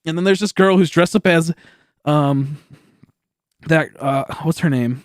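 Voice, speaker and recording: Rambling young man, slightly high voice. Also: a little slow, no room sound, studio quality. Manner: rambling storytelling, swearing, laughing often. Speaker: streamer. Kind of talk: casual livestream chat.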